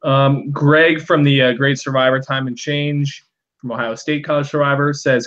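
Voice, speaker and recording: A man's voice: mid-range voice, level tone, normal speed, fairly bright tone, highs cut off. A man hosting a live fan recap over a video call, rambling casually with lots of ums and uhs. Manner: rambling, full of ums and uhs, laughs a lot. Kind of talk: casual live-stream chat.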